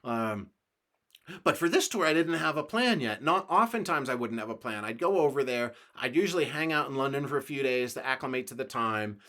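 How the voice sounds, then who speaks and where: A man from the United States talks on his own podcast in a loose, rambling storytelling manner, with an ordinary mid-range voice. He swears freely and chuckles through his anecdotes, relaxed and unscripted. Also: medium pitch, fairly quick. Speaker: podcast host.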